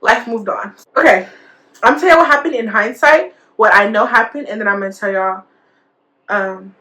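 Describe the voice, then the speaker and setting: A woman's voice: medium pitch, normal speed, sharp tone. A young woman vlogger telling a school story in a casual, chatty way, full of fillers and quoted dialogue. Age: young adult.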